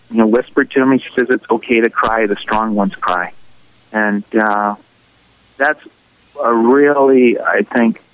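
A man who is a radio interview guest, recounting a personal experience in an earnest, halting, emotional way. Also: medium pitch, rough recording.

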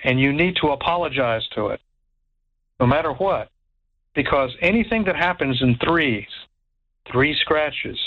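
A man telling a ghost story in an animated way, stammering, repeating words and acting out what others said. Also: medium pitch, narrow, tinny audio. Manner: stammers and repeats words, acts out quoted voices. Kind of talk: animated spoken anecdote.

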